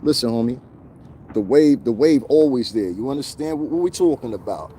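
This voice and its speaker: Male vlogger, casual livestream rant, mocking and combative, lively swinging pitch, faint street noise behind. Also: a little fast. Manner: mocking, confrontational, laughs often.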